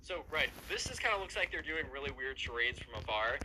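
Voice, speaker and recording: A man spinning a casual story over gameplay, chatty and loose with lots of fillers. His voice sits at a middle pitch over a steady background hiss. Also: brisk. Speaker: storyteller and gamer.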